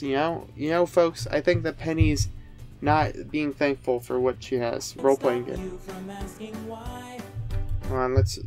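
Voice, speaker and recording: A man with a somewhat high voice giving sarcastic commentary on a video. He rambles, restarts his sentences and throws in snarky asides. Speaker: commentary youtuber.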